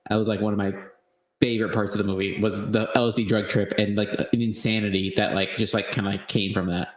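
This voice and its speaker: Low-voiced rambling man in an echoey room. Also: level tone, fast talker. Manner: rambling, full of fillers and restarts; swears freely. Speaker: podcast co-host. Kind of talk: casual movie-review chat.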